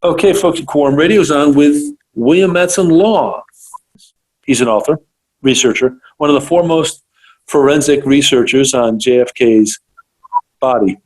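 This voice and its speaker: A man's voice: medium pitch, moderate pace, darkish tone, poor audio. A man hosting a radio interview, enthusiastic and often restarting his sentences. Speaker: radio show host.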